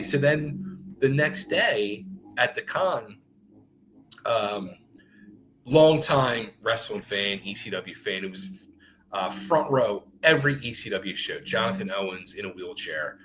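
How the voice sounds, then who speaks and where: A man's voice: on the low side, unhurried, slight background noise, low-quality recording. A middle-aged man telling stories as a guest on a talk show, swearing freely and acting out what others said. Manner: animated, swears freely, acts out quotes. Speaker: guest, former wrestler. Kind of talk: casual storytelling.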